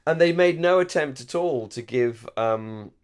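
An Englishman from the Surrey-Hampshire border, speaking received pronunciation, chats enthusiastically as a podcast co-host, with fillers and restarts. His medium-pitched voice is animated, measured, darkish and clean.

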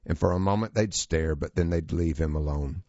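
Deep-voiced man narrating in a dry, dull recording. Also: normal speed, warm tone, no room sound. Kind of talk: scripted narration of a true story.

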